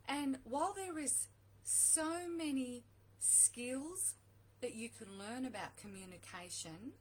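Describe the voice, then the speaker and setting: A woman's voice: fairly high pitch, husky, rough recording. A middle-aged woman coaching viewers on relationships, talking earnestly and repeating her key points for emphasis. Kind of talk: direct-to-camera advice talk.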